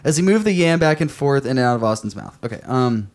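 A man's voice: medium pitch, sing-song, fast talker. A man co-hosting a podcast, reacting in loose, profane, rambling casual banter. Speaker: podcast co-host.

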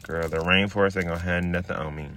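A man's voice: fairly even intonation, fast talker, pushed and bright, a little hiss or hum. A man, ranting on his podcast in a brash, profane, casual way. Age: 20s. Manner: drops into a low, laid-back murmur while rolling a blunt. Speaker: podcast host. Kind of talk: casual rant.

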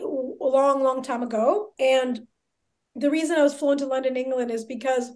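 A woman in her thirties, a podcast guest, telling a story in a chatty, excitable way full of filler words. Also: high voice. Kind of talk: casual storytelling.

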